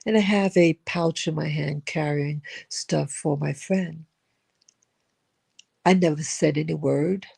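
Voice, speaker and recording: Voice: medium pitch, takes it slowly, vocal fry, a little mellow, breathy edge. An older person telling a personal story in a rambling, reflective way, often repeating and restarting words. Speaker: spiritual vlogger.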